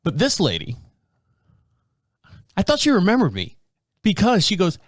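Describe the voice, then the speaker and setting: Animated man telling a story. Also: sits high, normal speed, long pauses, no room sound, studio quality. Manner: animated, laughs often, acts out quoted voices. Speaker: podcast host. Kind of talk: casual storytelling.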